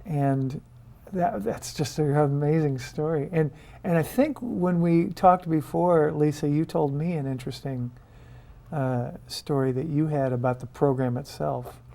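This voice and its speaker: Low, mellow-voiced woman hosting an interview. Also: measured pace, vocal fry. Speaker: interview host. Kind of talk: studio interview.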